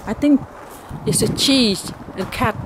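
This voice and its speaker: Slow-talking Thai woman touring her garden. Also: fairly high pitch, background noise. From Thailand. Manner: chatty, simple broken English, fond and cheerful. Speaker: gardening vlogger. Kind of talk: casual garden tour. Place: outdoor home garden in a town.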